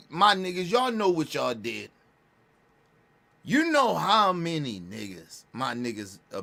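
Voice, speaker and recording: A man's voice: fairly high pitch, sharp tone. Blunt, emphatic man in street talk. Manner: blunt, repetitive, restarts phrases, profane slang. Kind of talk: casual street talk commentary.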